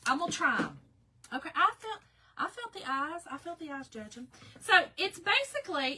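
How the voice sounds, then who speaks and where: Folksy Southern woman, middle-aged, crisp bright tone, talks to her live viewers while she paints. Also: a little high, a little hiss or hum. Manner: folksy, chatty, greets viewers by name. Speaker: craft livestream host. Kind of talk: live craft tutorial chat.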